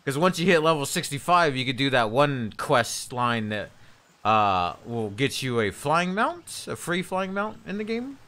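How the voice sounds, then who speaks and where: A man's voice: medium pitch, sing-song, unhurried, pushed and bright. A man streaming a video game, chatting casually with viewers in a hesitant, rambling way. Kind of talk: casual live-stream chat.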